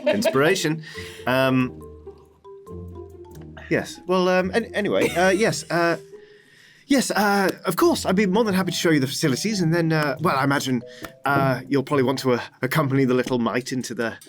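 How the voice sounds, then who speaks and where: A man voicing a spry, excitable elderly male professor who gets flustered and hams it up. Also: a little high, a little fast, faint music behind, lightly acted. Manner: fussy, flustered, hammy.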